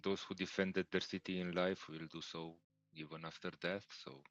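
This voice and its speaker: A man playing a tabletop game, speaking in a measured, deliberate way. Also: sits low, level tone, muffled recording. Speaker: player. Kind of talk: in-character tabletop chat.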